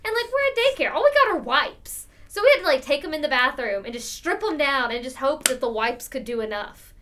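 High-voiced woman telling a story. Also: very animated, brisk, pushed and bright. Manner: giggly, laughing hard. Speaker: podcast co-host. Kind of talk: casual podcast chat.

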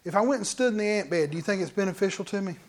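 Man, pastor, high-pitched voice, animated chatty sermon, church. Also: racing, a little hiss or hum. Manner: animated, conversational preaching with asides.

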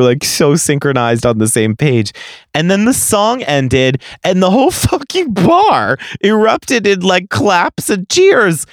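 A young man hosting a podcast, telling a story in a casual, animated and profane way. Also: fairly high pitch, gravelly, dry recording, clean studio sound. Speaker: podcast host.

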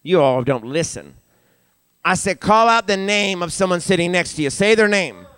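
Older male preacher, animated pulpit delivery, clean resonant tone, close and dry. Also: normal speed, clear, resonant tone, no room sound. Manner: animated, rising in pitch and volume for emphasis. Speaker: pastor. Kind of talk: sermon. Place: church sanctuary.

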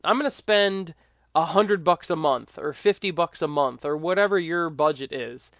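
Speaking at a normal pace in a slightly high voice, an American podcast host talks through a casual solo episode, meandering and often fixing his wording mid-sentence. The audio is lo-fi with no room sound.

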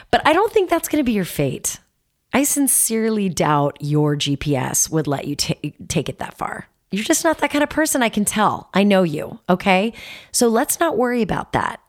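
Low-voiced woman in her forties, coaching. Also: darkish tone. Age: 40s. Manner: earnest, playful, drawn-out emphasis. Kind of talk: motivational self-help talk.

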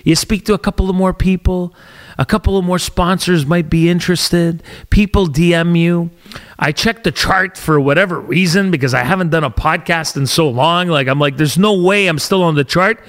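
A man's voice: a little high, moderate pace. A middle-aged Canadian man hosting a solo podcast, rambling and sarcastic, often restarting his sentences. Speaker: podcast host.

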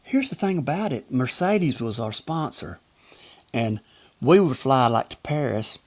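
Over a noisy crowd, an older former tennis umpire with a Southern Alabama accent shares folksy anecdotes as a guest, chuckling through casual storytelling. His medium-pitched voice has lively intonation and a measured pace.

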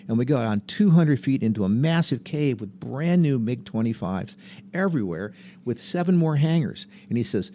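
A man's voice: mid-range voice, animated, normal speed, mellow. An older man, a veteran skydiver, telling rambling anecdotes as an interview guest and chuckling as he goes. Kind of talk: casual anecdotal storytelling.

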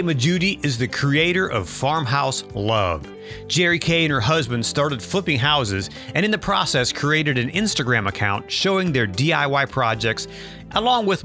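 A man's voice: fairly high pitch, sharp tone. A man from Ohio hosting a podcast, introducing a guest and interviewing her in a friendly, conversational way. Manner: friendly, conversational, laughs often. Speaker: podcast host.

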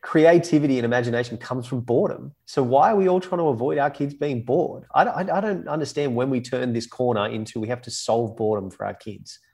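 A man with a gravelly voice, explaining points at length in a casual podcast talk and often checking in with "right?". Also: mid-range voice, brisk, hardly any pauses, darkish tone. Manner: explains in long runs, often tagging "right?".

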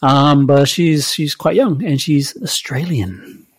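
A man's voice: a little high, slow, husky, no echo. A man hosting a podcast, reviewing a TV series in casual, chatty talk full of fillers and hedges. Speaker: podcast host.

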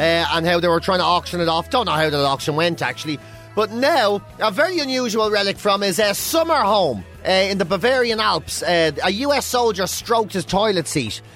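A man co-hosting a radio chat show who tells stories in a jokey, animated way. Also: sits high. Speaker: radio co-host. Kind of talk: casual chat.

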